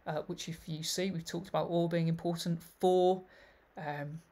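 In a video lecture explaining his thesis, a literary researcher reads out passages and remarks on them along the way. He speaks at a normal speed in a slightly high, mellow voice with flat delivery.

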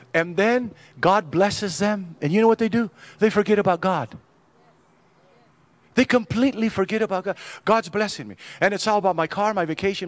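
An older man, a pastor, preaching a sermon in a church, animated and joking with some irony and many restarts. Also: a little high. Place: church sanctuary.

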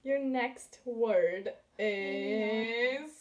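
A woman's voice: a little high, extremely slow, background noise. A young woman hosting a casual vlog, patiently correcting pronunciation and giggling often. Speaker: host teaching German words. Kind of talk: casual chat.

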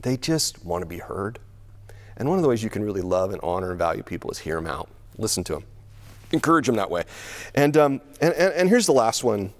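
A man's voice: fairly low pitch, very animated, fairly quick. A middle-aged man preaching a sermon in a church, conversational, laughing often and repeating words as he thinks. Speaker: pastor.

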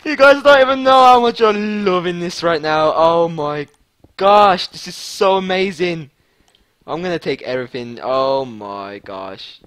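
A man giving excited gameplay commentary as a channel host, stammering and swinging between shouts and whispers. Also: high voice, unhurried.

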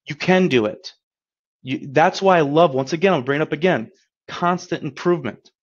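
A man's voice: on the high side, moderate pace, slightly rough, lo-fi sound. Upbeat man coaching on a webinar. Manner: upbeat, encouraging, conversational, often asks "right?". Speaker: credit repair coach. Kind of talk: webinar presentation.

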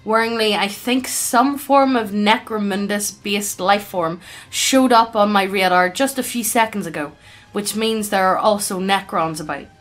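A woman's voice: medium pitch, moderate pace, fairly bright tone. A woman casually reading fan stories aloud, now and then tripping over odd names. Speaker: reader.

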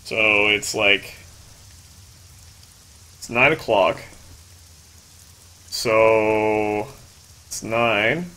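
A man's voice: fairly low pitch, very slow, long pauses, sharp tone. A man casually chatting and joking while he streams a video game, talking to his chat and a friend. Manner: joking, loose, talks to chat while playing.

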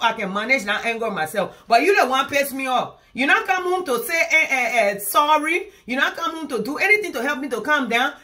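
A woman's voice: sits high, pushed and bright. A woman from Liberia, a comedian, performing a comic one-sided phone call in which she indignantly scolds her partner and argues in circles.

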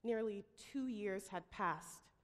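A woman giving a pitch talk, telling a story dramatically and acting out the voices she quotes. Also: slow. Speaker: startup founder pitching. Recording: long hall reverb.

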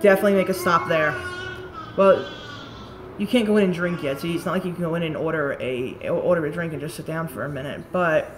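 A woman's voice: low-pitched, a little fast, background noise. A woman, rambling and swearing casually as she chats on a live stream about beauty products. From Staten Island, New York. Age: late 30s.

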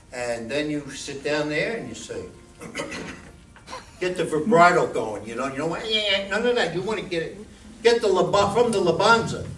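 High-voiced man talking in an echoey room. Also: fairly bright tone. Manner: chatty, asks the audience questions. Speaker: guest speaker at a radio club. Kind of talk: informal talk to a club meeting. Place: club meeting room. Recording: echoey room, distant mic, faint noise.

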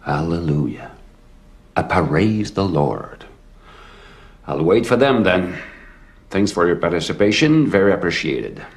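A man's voice: sits low, lively intonation, a little slow, pauses often. An actor playing a defiant male undercover cop with a Québécois French accent who slips into Québécois swearing.

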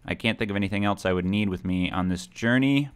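A man's voice: fairly low pitch, quick pace, smooth. A young man hosting a gaming channel, chatting through his gameplay in a rambling, self-deprecating way. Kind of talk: video game commentary.

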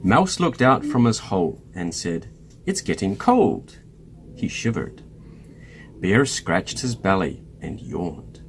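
A man reading a children's picture book aloud, slow and expressive, giving each character a voice. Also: deep voice, slight background noise. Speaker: storybook reader.

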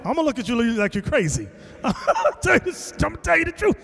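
A man preaching to a class, telling a story with lively acted-out quotes and bursts of shouting. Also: very high voice, a little fast, vocal fry, husky, in a large hall. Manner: animated storytelling, acting out quotes, shouting at times. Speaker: teacher. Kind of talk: sermon.

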